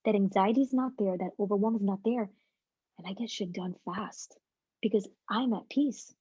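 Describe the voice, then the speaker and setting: A woman guest speaker giving a casual, energetic motivational talk to a team over a video call, with plenty of slang. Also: medium pitch, normal speed, breathy edge, no room sound, dull audio.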